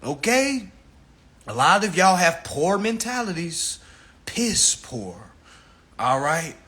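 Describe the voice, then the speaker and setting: A man in his thirties hosting a live stream. He lectures his audience in a profane, preachy and animated rant. His voice is high-pitched and bright. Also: slow pace. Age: 30s.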